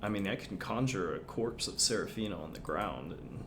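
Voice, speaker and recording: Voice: low voice, lively intonation, noisy background. A player casually playing a tabletop game, playful and giggly. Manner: playful, giggly, slow-talking.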